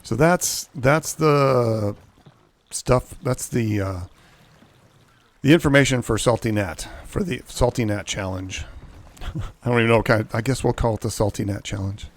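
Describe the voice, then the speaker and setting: A man's voice: medium pitch, a little slow. A man streaming a pirate game live, rambling through his rules with restarts and muttering asides as he plays. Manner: rambling, self-correcting explanations; mutters under his breath while playing. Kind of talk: casual live gameplay commentary.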